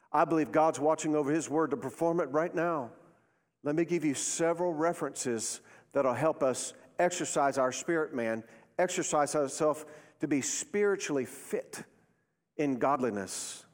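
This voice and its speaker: A man's voice: sits high, big-room sound. A male pastor preaching a sermon, leading his congregation in call-and-response with rising, emphatic phrases. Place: church sanctuary.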